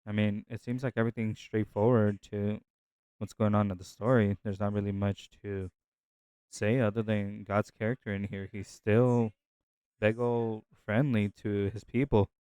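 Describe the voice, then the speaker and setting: A man's voice: fairly low pitch, little pitch movement, moderate pace, warm tone, smooth, no echo. A man hosting a Bible reading channel, reflecting in a casual, rambling way with frequent restarts and filler words.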